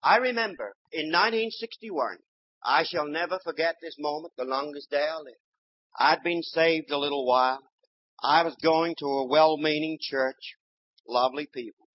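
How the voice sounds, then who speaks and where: An older man preacher delivering a sermon, swinging from loud exhortation to quiet, low storytelling. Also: moderate pace. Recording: dull lo-fi sermon recording.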